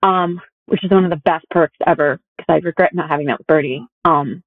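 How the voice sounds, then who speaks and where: A young woman with a low voice talks a little fast as a guest in a casual conversation, sharing personal stories packed with fillers. The audio is tinny and phone-like, with no room sound.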